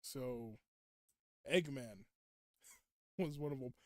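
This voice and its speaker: A man's voice: mid-range voice, extremely slow, darkish tone, dry recording, clean studio sound. A young man streaming a game, chatting casually, laughing often and acting out quotes. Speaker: gaming streamer. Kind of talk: casual gameplay chat.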